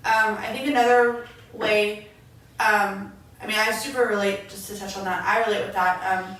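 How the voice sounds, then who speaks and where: A woman's voice: medium pitch, normal speed. A young adult woman co-hosting a podcast, telling stories in casual chat and acting out her own past words. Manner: animated storyteller, quotes herself. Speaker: podcast co-host. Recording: echoey room, mic far off, faint noise.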